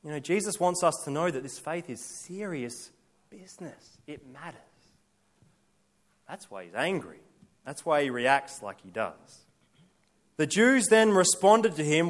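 A man's voice: on the high side, sing-song, a little slow, pauses often. A male pastor preaching a sermon, emphatic, building his points through repeated lists and rhetorical questions.

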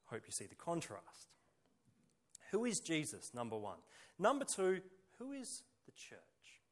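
A man delivers a sermon in a slightly raised voice, stressing his points with strings of rhetorical questions and repeated phrases. He moves from loud, emphatic bursts to quiet, trailing endings. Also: a little high, wildly swooping pitch, measured pace. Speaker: preacher.

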